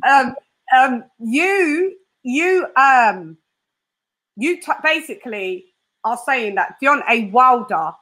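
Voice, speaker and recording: A woman interviewing a guest in casual chat, animated and laughing often. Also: high voice, slow pace. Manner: animated, laughs often, does voices for quotes.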